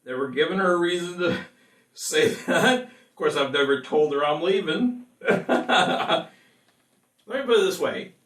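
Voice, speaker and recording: A man's voice: on the high side, expressive, measured pace, fairly bright tone. A man, a singer-songwriter, chatting casually with viewers between songs, rambling and laughing often. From California. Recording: echoey room, mic at a distance.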